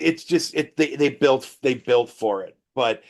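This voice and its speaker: A man's voice: medium pitch, measured pace. A man hosting a podcast, chatting casually with fan enthusiasm and often repeating words as he restarts. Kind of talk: casual conversation.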